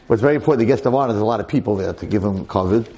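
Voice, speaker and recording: A man's voice: on the low side, racing, poor audio. A male rabbi telling a story in a sermon to a room of boys, acting out every voice. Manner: animated, acts out every voice.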